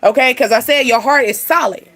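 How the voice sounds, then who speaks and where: A young woman with a high, bright-sounding voice talks through a spiritual card reading in a loose, chatty way. She laughs easily and drops slang as she goes, keeping it animated and personal. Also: a little fast. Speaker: spiritual reading channel host.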